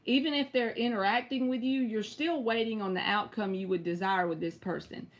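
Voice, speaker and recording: A woman's voice: a little high, fairly quick. A woman with a Southern US accent giving live tarot readings, chatty and direct, answering viewers by name. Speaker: tarot reader.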